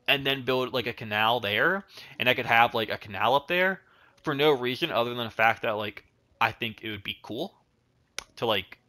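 A man's voice: medium pitch, sharp tone. A young man giving rambling, casual commentary while he plays a strategy game, chatting at his units. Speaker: gaming channel host.

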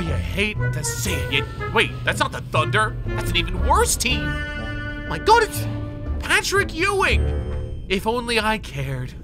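A man doing casual game pack-opening commentary, excitable and swearing, groaning and shouting at his cards. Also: high voice. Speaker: YouTuber.

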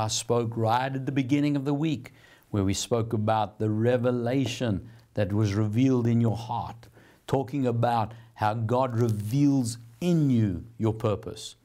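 A male Bible teacher hosts a televised teaching sermon and talks to the viewer directly. His delivery is earnest and encouraging, more conversation than pulpit. His voice sits at an ordinary middle pitch for a man. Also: dark tone. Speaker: Bible teacher and program host.

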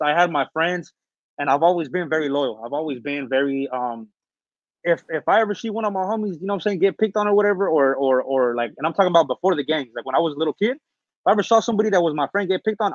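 A man from Northern California tells his story fast in a casual interview, with fillers, restarts and slang. His voice sits a bit high, and he clears his throat now and then while getting over an illness. The recording is dull and lo-fi, close and dry. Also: expressive, dry recording. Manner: rambling, many fillers and restarts, street slang. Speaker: interview guest.

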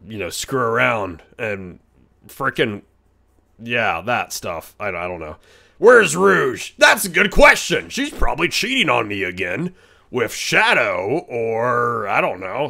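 A man voicing a brash, hot-headed male echidna in a live-stream role-play, rambling, stammering and crude, quick to yell. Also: medium pitch, creaky, heavily acted.

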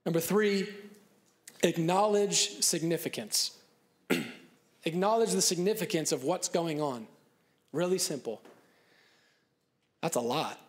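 Man, pastor, relaxed sermon, light higher voice, laughs at himself, earnest quiet key points. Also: slow, pauses often. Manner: casual and joking, laughs at himself. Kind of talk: conversational sermon. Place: church stage.

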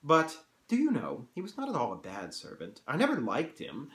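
A man reading aloud, voicing a petulant, languid young gentleman who brushes things off airily, in a room with some echo. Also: mid-range voice, huge pitch swings, moderate pace, pitched above the performer's own voice. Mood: airy. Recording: roomy echo.

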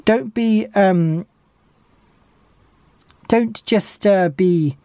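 A woman's voice: mid-range voice, very slow, dark tone, dry recording. A woman giving a tarot reading, talking eagerly and repeating her encouragements over and over. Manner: enthusiastic, repetitive encouragement. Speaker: tarot reader.

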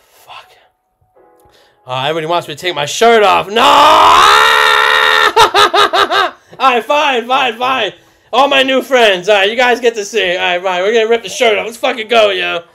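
Excitable swearing young man streamer. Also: high voice, moderate pace, vocal fry, soft background music. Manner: loud, swearing, laughing, shouting with excitement. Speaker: streamer opening trading cards. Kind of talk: excited live-stream chat.

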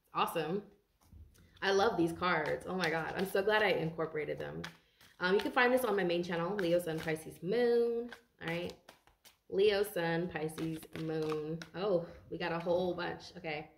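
A woman's voice: on the low side, fairly quick, vocal fry, echoey room, slight background noise. A tired woman doing a casual tarot reading for viewers, chatty and rambling and swearing freely. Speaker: tarot card reader.

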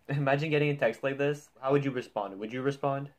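A man's voice: medium pitch, fairly even intonation, brisk. A man hosting his channel, reading funny texts aloud in casual reaction commentary, joking and swearing as he goes. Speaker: youtuber.

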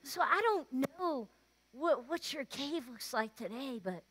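A woman pastor preaching a sermon, animated and conversational, often calling out "come on" to her listeners. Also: sits high, slow pace. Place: church.

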